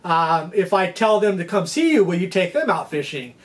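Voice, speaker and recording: A man voicing an eager male businessman who is thrilled by fishing, raising his voice as he speaks the part. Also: moderate pace. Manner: excited, gushing, higher-pitched.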